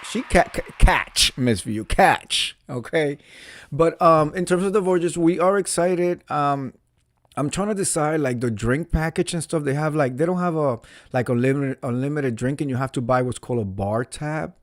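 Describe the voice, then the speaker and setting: A man chats on a live stream, reading out and answering viewer comments. His voice sits a little high, and he talks in a showy, theatrical way, repeating lines for emphasis. The sound is close and dry. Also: moderate pace, no room sound. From New York City. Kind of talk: casual live chat.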